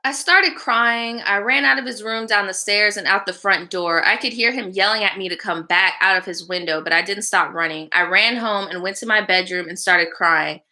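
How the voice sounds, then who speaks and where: Woman host w a super bright edgy voice, reads viewer stories, cusses, talks to chat. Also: mid-range voice, moderate pace, hardly any pauses. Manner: blunt, casual and slangy, with frequent swearing; chats back to live viewers between lines. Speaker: live show host. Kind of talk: reading a viewer's story aloud and giving advice.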